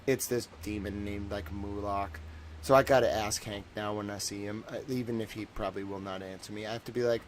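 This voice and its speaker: A man's voice: on the low side, fairly even intonation, fairly quick, slight background noise. Rambling joking livestream man. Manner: rambling and joking, full of "like" fillers. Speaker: livestream host. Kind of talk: casual livestream commentary.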